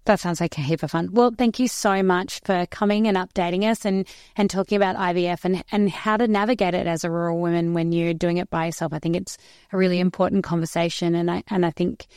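A woman's voice: lowish voice, fairly even intonation, fast talker, a little mellow, clean tone, no echo, clean studio sound. A woman hosting a podcast interview, friendly and chatty. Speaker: podcast host. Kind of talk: casual interview chat.

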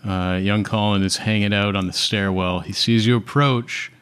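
A man narrating as game master in a tabletop game, relaxed and unhurried, with frequent fillers. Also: fairly low pitch, clean tone.

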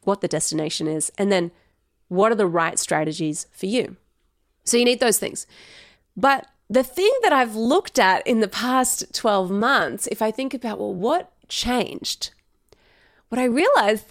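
A woman's voice: medium pitch, no echo, studio quality. Upbeat woman hosting a podcast. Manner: chatty, upbeat, self-deprecating, laughs often. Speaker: podcast host. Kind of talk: casual solo podcast chat. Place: home recording setup. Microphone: headphones and studio mic.

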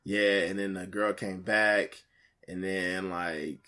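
A man casually telling a story in slang, animated, jumping to a higher voice when he quotes people. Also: slow.

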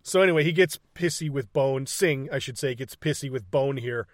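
A man's voice: medium pitch, moderate pace, hardly any pauses, dry recording, studio quality. A man casually recapping a movie scene by scene, swearing freely, laughing often and acting out lines from the film. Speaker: podcast co-host.

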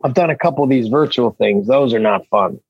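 A Canadian man telling comic stories in a casual chat, acting out what people said with big jumps in pitch. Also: brisk, vocal fry, breathy edge, no room sound, dull audio. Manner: animated storyteller, acts out quotes with big jumps in pitch. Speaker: comedian guest.

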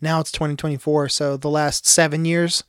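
A man's voice: on the high side, little pitch movement, moderate pace, clear, resonant tone, no echo, studio quality. Laid-back man chatting on a podcast. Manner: laid-back, profane, laughing often. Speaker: podcast co-host. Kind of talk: casual chat.

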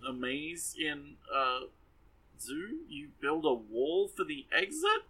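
A man's voice: a little high, very animated, slow pace, sharp tone, slightly rough, rough recording. A man casually recapping an anime episode for a podcast, sarcastic and exasperated, rambling with many fillers.

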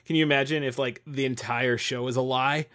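A man's voice: medium pitch, fairly even intonation, brisk, a bit bright. A man co-hosting a casual tabletop-game podcast, teasing and laughing as he talks. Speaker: podcast co-host and game player.

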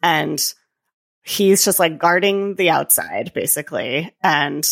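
Animated woman with a gravelly low voice. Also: slow pace. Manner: animated retelling with quoted voices and frequent laughs. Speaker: podcast co-host. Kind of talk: casual chat.

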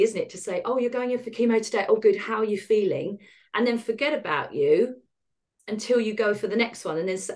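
Wry, lively woman telling her story. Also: medium pitch. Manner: animated, wry, acts out quoted voices. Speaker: podcast guest. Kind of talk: candid conversational storytelling.

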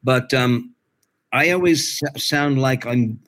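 A man who narrates audiobooks, chatting as an interview guest in an animated, playful way, with lively jumps in his voice. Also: medium pitch, slow. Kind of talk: casual interview chat.

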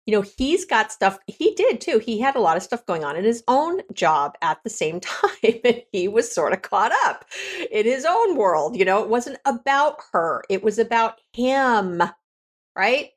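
A woman relationship coach talking candidly on a podcast, conversational and quick to correct herself. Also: a little high, big pitch swings, breathy edge. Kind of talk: podcast monologue.

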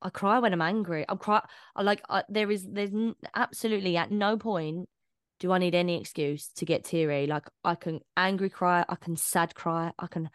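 A woman's voice: lowish voice, moderate pace, smooth, no room sound. Chatty woman, dry close sound. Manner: animated, swearing, laughs often, restarts a lot. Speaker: podcast co-host. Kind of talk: casual chat.

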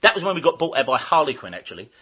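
A man's voice: a little high, sing-song, very fast, bright, forceful tone, slightly rough. An older man in casual chat, telling rambling anecdotes from his shop days and often breaking into laughter. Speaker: guest recalling work in a record shop.

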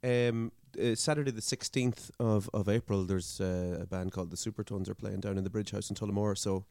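An Irish man co-hosting a podcast in casual chat, jokey and quick to laugh as he reads out news items. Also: fairly low pitch, steady tone, a little mellow, no room sound, clean studio sound. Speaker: podcast co-host.

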